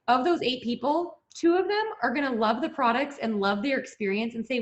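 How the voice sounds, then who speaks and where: Female business coach, encouraging, slightly high voice, muffled roomy recording. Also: animated, brisk, hardly any pauses. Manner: upbeat, encouraging, addresses "guys". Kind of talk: coaching call. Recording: echoey and dull.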